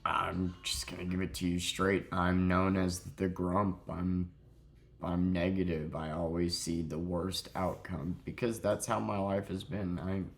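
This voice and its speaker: A young man telling a sad story in a halting, grieving way, close to crying, in a confessional vlog. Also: sits low. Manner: halting, heavy with grief, self-critical. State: near tears. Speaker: vlogger.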